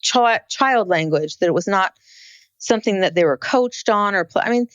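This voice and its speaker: A woman's voice: mid-range voice, normal speed, no echo, highs cut off. A woman co-hosting a podcast, talking over a true crime documentary in a casual, reflective way. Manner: animated, reflective, with many restarts. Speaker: podcast co-host. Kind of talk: casual chat about a documentary.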